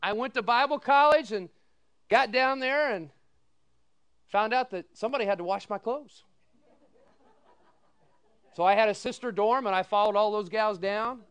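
A middle-aged man giving a sermon as pastor, telling folksy stories with animated quoted voices and asking the congregation "amen?". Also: sits high, normal speed, long pauses, smooth.

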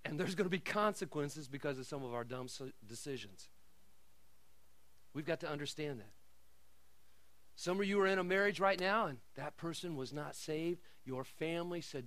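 A middle-aged man preaching a sermon, swinging from quiet asides and laughter to shouted declarations. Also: a little high, moderate pace, dry recording. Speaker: pastor.

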